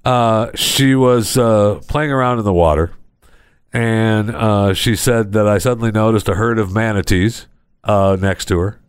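A man hosting a casual comedy podcast, telling odd news stories in a rambling, deadpan way with lots of pauses. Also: on the low side, clean tone, no echo, studio quality. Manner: rambling storyteller, many uh fillers, deadpan. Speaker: podcast host.

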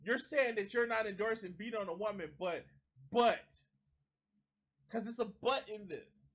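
A man's voice: high-pitched, moderate pace, a bit bright. A man doing heated reaction commentary, ranting with profanity and mocking impressions. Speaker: commentary streamer.

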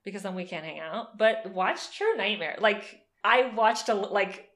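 A woman's voice: medium pitch, expressive, measured pace, a bit bright. A woman co-hosting a podcast in casual chat, talkative and laughing often, swearing freely. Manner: chatty, laughing, frequent swearing. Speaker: podcast co-host. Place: New York.

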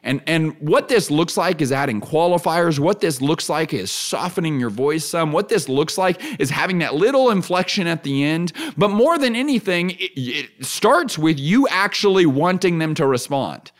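A man hosting a solo podcast who teaches in an earnest way. He repeats his key phrases and keeps adding asides like "right?". He turns lively and laughs easily when he acts out examples. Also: fairly high pitch, moderate pace, few pauses. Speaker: podcast host.

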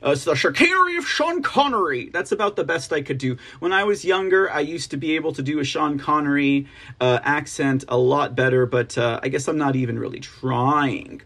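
A man's voice: on the high side, fairly even intonation, normal speed, vocal fry, a bit bright. A man hosting a political livestream news show, chatting casually, laughing often and reading viewer comments aloud.

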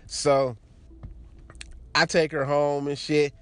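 A man's voice: fairly high pitch, level tone, slow, clean tone. A man telling a crude personal story in casual chat, laughing often and restarting his sentences as he rambles. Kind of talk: casual anecdote monologue.

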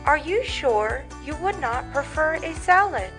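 A woman voicing a snarky smart-speaker assistant in a comedy skit, polite and deadpan. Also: sits high, unhurried, soft background music.

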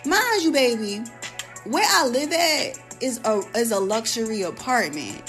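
A young woman hosting a podcast, telling a story in a casual, animated, profane way and acting out quoted lines. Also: fairly high pitch, a little slow, soft background music. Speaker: podcast host.

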